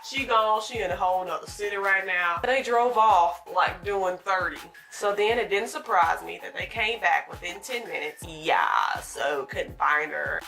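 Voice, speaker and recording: A woman recounting a day at her retail job in a storytime vlog, animated and dramatic, acting out what people said. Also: fairly low pitch, measured pace, vocal fry, hardly any pauses, soft background music. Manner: animated, dramatic retelling with acted-out quotes. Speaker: retail store worker.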